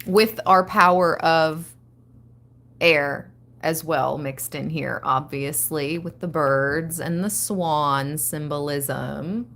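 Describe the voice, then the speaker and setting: Slow-talking woman reading tarot live. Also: low voice. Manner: slow, reads card text then riffs excitedly. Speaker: tarot reader.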